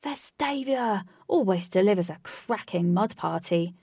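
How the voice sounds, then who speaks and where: A woman's voice: on the high side, expressive, takes it slowly, breathy edge, dry recording, studio quality, pitched above the performer's own voice, heavily acted. A woman voicing a cheerful, laid-back young man in a storybook reading, breezy and familiar. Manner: breezy, calls people babe.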